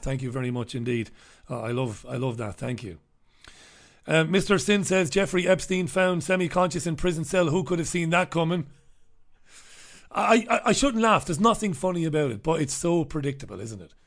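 A man's voice: medium pitch, fairly bright tone. A middle-aged man hosting a casual live stream, chatting and joking as he greets viewers by name. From Ireland.

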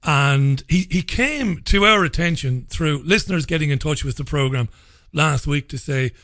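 An Irish man in middle age hosts a radio interview in a measured, deliberate voice that sits a bit high for a man. He often restarts his sentences as he works toward a point. The sound is dry and close, with no room around it. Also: fairly bright tone, no echo. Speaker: radio host.

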